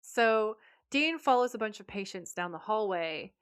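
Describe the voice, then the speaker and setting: A woman's voice: mid-range voice, animated, normal speed, smooth. A woman co-hosting a podcast, chatting casually and acting out quoted lines with animation. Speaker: podcast co-host. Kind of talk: casual chat recapping a TV episode.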